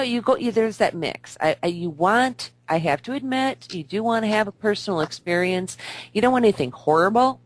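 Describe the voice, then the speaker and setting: A woman hosts a talk radio interview in a lowish voice. She speaks haltingly, pausing to search for words, and the sound is dry and close. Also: no room sound. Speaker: radio show host.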